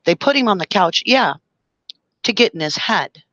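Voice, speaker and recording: A woman's voice: medium pitch, animated, moderate pace, fairly bright tone, no room sound, dull audio. A woman hosting a live stream, speaking with passion and emotion, reading viewer comments and explaining through long analogies. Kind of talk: impassioned live-stream talk.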